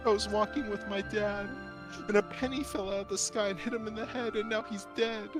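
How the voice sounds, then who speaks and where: Small weepy boy voiced by a man, raised pitch, plain joke-telling delivery. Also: steady tone, a little fast, music in the background, lightly acted. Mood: tearful. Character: little boy, crying.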